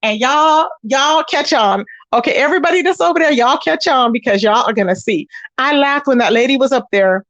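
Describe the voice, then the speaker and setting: A woman's voice: high voice, brisk, few pauses, no echo, dull audio. A woman, hosting a casual gossip commentary and talking straight to her viewers, acting out the people she quotes. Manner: animated storytelling, acts out quoted voices, talks straight to viewers. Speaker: commentary channel host.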